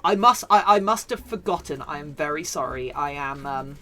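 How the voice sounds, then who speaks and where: A woman's voice: sits low, expressive, normal speed, pushed and bright, a little hiss or hum. A British woman streaming live, chatting playfully and mock-dramatically with her viewers while she crafts.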